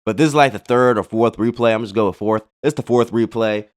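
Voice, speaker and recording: Laid-back man with a low, smooth voice. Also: fairly quick. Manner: laid-back, slangy, chatty asides. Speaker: gaming channel host. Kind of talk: casual card-game replay commentary.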